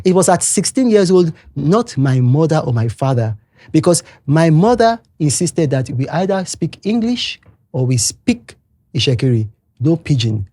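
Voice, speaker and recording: Older Nigerian-accented man for a podcast guest spot: warm, mellow tone, lively swoops in pitch, emphatic and repetitive delivery. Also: moderate pace. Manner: animated, emphatic, repeats his points. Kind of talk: casual podcast chat.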